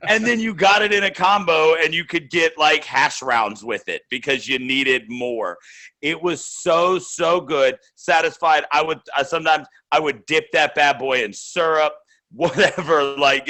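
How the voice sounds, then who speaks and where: Casting: male podcast co-host, bright and forceful, gushing casual banter. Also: a little high. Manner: enthusiastic, drawn-out emphasis.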